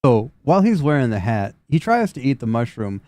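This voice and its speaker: A man's voice: mid-range voice, very animated, a little fast, warm tone, dry recording, studio quality. A man narrating a tabletop game as game master, playful and laughing as he talks.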